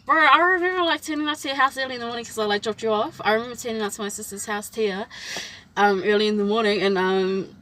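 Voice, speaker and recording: A woman's voice: on the high side, fast talker, poor audio. A woman, telling a personal story in a casual chat and acting out what people said. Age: 20s. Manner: animated storytelling, acts out quoted lines. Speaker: vlog host.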